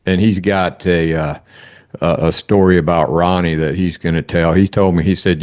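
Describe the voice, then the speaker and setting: A man's voice: deep voice, lively intonation, moderate pace, a little mellow, no echo. Laid-back guy hosting a podcast, friendly banter, dry no-room sound. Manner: easygoing, chummy interviewer. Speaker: podcast host. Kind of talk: casual interview chat.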